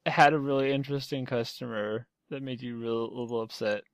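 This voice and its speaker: A man's voice: medium pitch, steady tone, fairly quick, dry recording, studio quality. A man on a casual podcast, asking teasing questions of a co-host. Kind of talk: casual chat.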